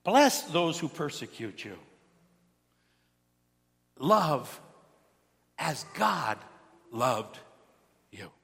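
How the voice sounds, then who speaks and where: A man preaching in a church with a high, very lively voice that swoops up and down. His tone is bright and sharp, and he talks like he's chatting with the congregation. His voice rings out in the long reverb of a large hall. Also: extremely slow, vocal fry, pauses often. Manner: animated, conversational, asks the congregation questions. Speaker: pastor. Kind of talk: sermon with storytelling.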